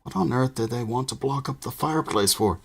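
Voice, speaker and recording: A man's voice: mid-range voice, a little fast, creaky, fairly bright tone, pitched above the performer's own voice. A man doing Mr Weasley, a vague rambling wizard. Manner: distracted, rambling. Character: vague, cheerful middle-aged wizard father. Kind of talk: audiobook reading.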